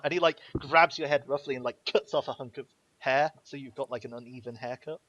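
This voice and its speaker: A man's voice: medium pitch, a little fast, few pauses, no echo, highs cut off. A man narrating as game master of a tabletop game, casual, with lots of fillers. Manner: casual, many fillers, lively.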